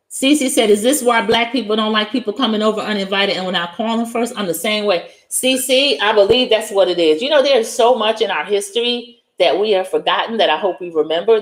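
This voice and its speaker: A woman with a New York accent retelling a movie scene by scene in casual chat, acting out the characters' lines as she goes. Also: medium pitch. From United States. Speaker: host. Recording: echoey room.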